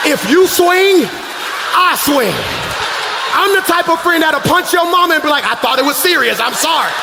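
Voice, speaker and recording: A man preaching a sermon as pastor, shouting and half-singing his lines, calling out to the congregation from the stage. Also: very high-pitched. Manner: shouting, sing-song preaching with crowd call-outs. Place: large church hall. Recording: echoey live church hall.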